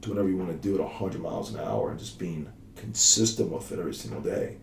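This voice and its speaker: Thirties male coach, low and gravelly, lively storyteller, recorded off-mic in an echoey office. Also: fast, recorded from a distance. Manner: animated storyteller who acts out dialogue. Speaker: strength and conditioning coach. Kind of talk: casual podcast conversation.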